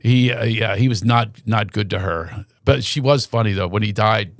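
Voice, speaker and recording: A comedian telling long stories on a podcast, animated and quick to act out the people in them. His voice is gravelly, with a creaky edge. The sound is close and dry. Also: on the low side, no room sound. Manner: animated storyteller who slips into quoted voices; restarts and stammers mid-story. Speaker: guest comedian. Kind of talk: storytelling in a podcast chat.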